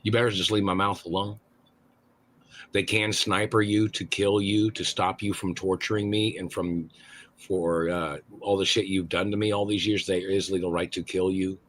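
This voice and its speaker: A man calling into a livestream, ranting angrily with constant cursing and shouted accusations. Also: deep voice, level tone, moderate pace. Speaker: caller on a livestream. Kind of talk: angry profane rant.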